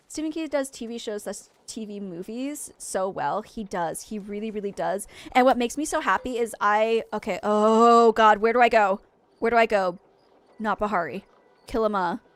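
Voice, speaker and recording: A young woman from Maine streaming a game, chatting with viewers in an excitable, rambling, easily distracted way. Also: medium pitch. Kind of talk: casual livestream chat with viewers.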